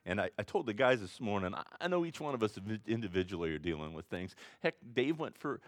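Low-voiced pastor preaching casually. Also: male voice, quick pace, no echo. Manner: conversational, rambling, rising to excited emphasis. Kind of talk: informal sermon.

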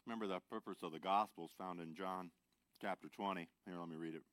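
Low-voiced man teaching a Bible study. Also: fast talker. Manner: relaxed, self-correcting, reads aloud. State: under the weather, sucking a cough drop.

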